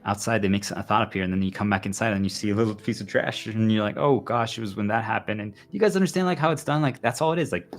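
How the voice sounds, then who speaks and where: A man's voice: fairly low pitch, very fast, few pauses. A man livestreaming a rambling, intense personal monologue, full of repeated fillers. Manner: intense, repetitive, heavy use of "like".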